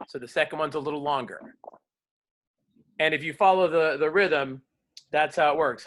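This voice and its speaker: A man teaching a class on verse, lively, explaining and quizzing his students. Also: medium pitch, brisk. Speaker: drama teacher. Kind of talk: classroom lecture.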